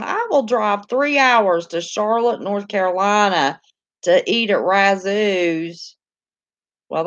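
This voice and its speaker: A medium-pitched, fairly bright female voice belongs to a channel host with a Southern American accent, who chats easily while reading and responding to live stream comments, homey and quick to laugh. The recording is muffled but has no echo.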